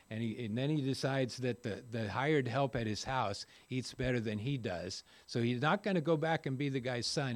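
Rambling older man sharing his story. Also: medium pitch. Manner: rambling, folksy storytelling with self-deprecating humor. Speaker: recovery meeting speaker. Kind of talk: personal recovery talk to a group.

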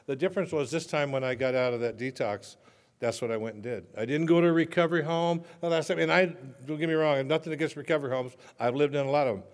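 In a reverberant hall, a Southern California man with a fairly high voice speaks fast, sharing his recovery story. His personal testimony is conversational storytelling laced with self-mocking humor.

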